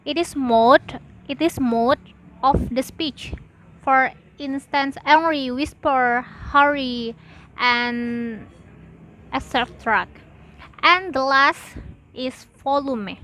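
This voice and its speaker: A young woman, a student presenter, reading lesson notes aloud with deliberate pauses between phrases. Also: high voice, fairly bright tone, a little hiss or hum, low-quality recording.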